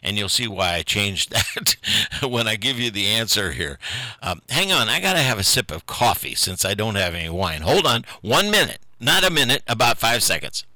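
A man's voice: fairly low pitch, sing-song, normal speed, bright, forceful tone, no room sound. An older man, hosting a local radio show alone in a folksy, rambling, self-deprecating way, often chuckling. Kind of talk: rambling solo radio chat.

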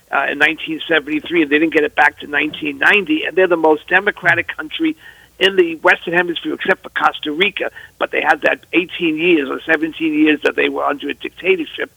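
A man's voice: on the high side, steady tone, fast talker, gravelly, sharp tone, slightly rough, no echo, highs cut off. A man teaching at a university, answering interview questions in an earnest, explanatory way.

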